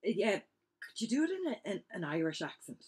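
A comic actor playing an obsessed, scheming young woman who talks breathlessly and often drops to hurried whispered asides. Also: medium pitch, sing-song, a little mellow, slightly rough. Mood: manic. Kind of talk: comedy sketch.

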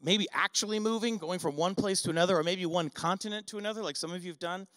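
Middle-aged male pastor, high-pitched, chatty sermon delivery, long hall reverb. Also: quick pace, fairly bright tone. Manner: conversational preaching with rhetorical questions and asides. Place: church sanctuary.

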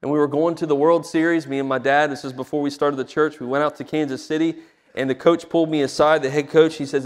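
A man's voice: on the high side, fairly quick. A young adult man preaching a sermon as a pastor, telling personal stories with rising emotion. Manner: emotional storytelling, voice swelling when stirred. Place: church sanctuary. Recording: hall with long reverb.

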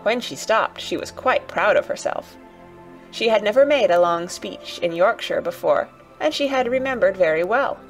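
A woman narrating a children's audiobook in a gentle, even storytelling manner. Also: mid-range voice, moderate pace, faint music behind.

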